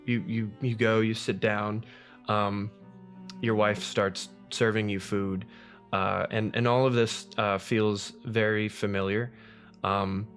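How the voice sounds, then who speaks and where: Casting: lower-voiced guy running a tabletop game, stumbles and restarts a lot, faint music bed. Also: gravelly. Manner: halting, many restarts and fillers. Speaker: game master.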